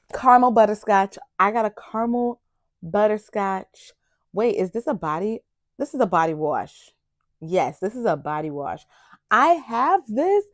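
A young woman, chatting excitedly to viewers as she unboxes gifts. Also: medium pitch. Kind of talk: casual unboxing chat. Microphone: external mic on camera.

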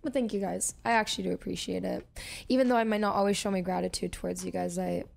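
A young woman streaming, talking casually to her viewers while teary and choked up. Her voice has a lot of gravelly vocal fry, and she talks in a loose way with many fillers. Soft music plays faintly behind her. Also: lowish voice, steady tone, quick pace. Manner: emotional, thankful, filler-heavy talk. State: teary, crying.

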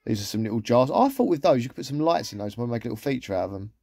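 Male vlogger, easygoing and rambling, mellow voice, dry close sound. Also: medium pitch, animated, very fast, vocal fry, dry recording. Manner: chatty, rambling, with trailing asides. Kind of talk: casual shopping haul commentary.

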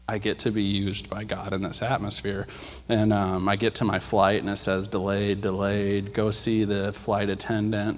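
Male preacher, lowish voice, energetic storyteller who acts out quotes, rises loud when preaching. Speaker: preacher sharing a testimony. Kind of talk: sermon storytelling. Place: church.

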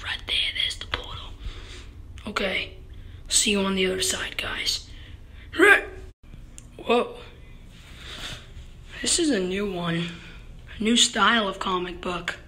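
A woman voicing an excitable teddy bear in a homemade comic video, rambling and goofy, with whoops and lots of fillers. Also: mid-range voice, slow, pauses often, whispered. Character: excitable teddy bear hopping between dimensions.

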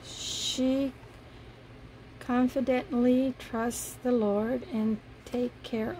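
Slow-talking lady w a mellow kinda gravelly voice, gushing over craft gifts in a vlog. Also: a little high, level tone, a little hiss or hum, poor audio. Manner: gushing, soft-spoken, admiring each item. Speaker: paper craft vlogger. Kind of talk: casual unboxing commentary.

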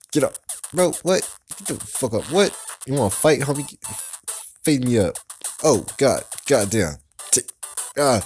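A man playing a wrestling video game, cursing and shouting at the characters on screen in excitable commentary. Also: medium pitch. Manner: loud and excitable, trash-talking the screen. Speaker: let's play gamer. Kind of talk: profane gameplay commentary.

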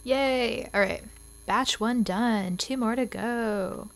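Chatty, excitable young-sounding woman gamer. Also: on the high side, takes it slowly, faint music behind. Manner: chatty, excitable, dramatic exclamations. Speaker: gaming channel host. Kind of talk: casual let's-play commentary.

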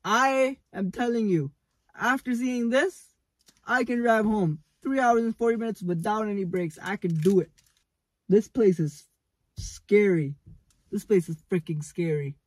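A man's voice: high voice, unhurried, dry recording. A young man vlogging on a road trip from his car, rambling and nervous, poking fun at himself. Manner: rambling, nervous, self-mocking. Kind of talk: casual road-trip vlog. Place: inside a car.

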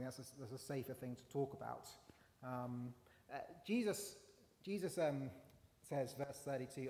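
A man's voice: mid-range voice, moderate pace, a little mellow. A man preaching a conversational sermon, with fillers and rising emphasis. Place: church. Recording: long church hall reverb.

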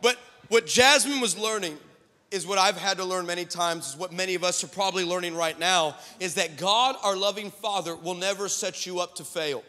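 A man pastor delivering a sermon in a high, sharply bright voice. He tells stories and builds to emphatic, shouted peaks, while a long reverb of a large sanctuary trails every phrase. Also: brisk. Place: church sanctuary.

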